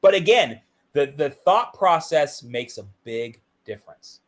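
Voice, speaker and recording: A middle-aged man, a guest in an interview, telling a candid personal story and acting out the dialogue in it. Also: measured pace. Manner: animated, acts out quoted dialogue with big pitch jumps.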